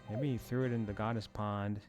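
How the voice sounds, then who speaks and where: A man's voice: fairly low pitch, fairly even intonation, fairly quick, loud music behind the voice. A man giving casual commentary as he plays a farming game, rambling with self-amused asides. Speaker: let's play host.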